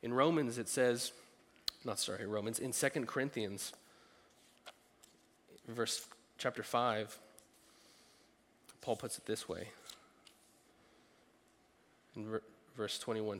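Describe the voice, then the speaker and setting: A middle-aged man preaching a sermon as a pastor, animated, with playful asides and acted-out voices. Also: mid-range voice, slow pace, pauses often. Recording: long reverb of a large hall.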